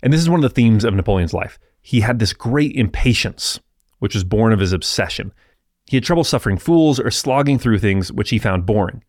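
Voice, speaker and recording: A man hosting a history podcast, narrating in a relaxed, explanatory way with asides to the listener. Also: lowish voice, a little fast, dry recording, clean studio sound.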